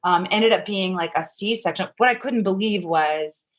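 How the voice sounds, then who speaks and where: A woman from Kansas, a guest on a talk show, telling a personal story in a lively, chatty way and acting out what others said. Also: mid-range voice, normal speed. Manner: animated, acts out quotes. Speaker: actress guest. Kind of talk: casual storytelling.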